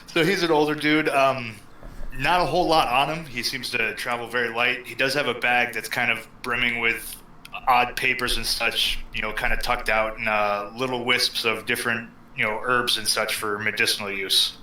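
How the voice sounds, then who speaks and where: A man's voice: mid-range voice, steady tone, moderate pace, sharp tone, a little hiss or hum. A man describing his character in a tabletop game, rambling with many fillers. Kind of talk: casual game narration. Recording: echoey room.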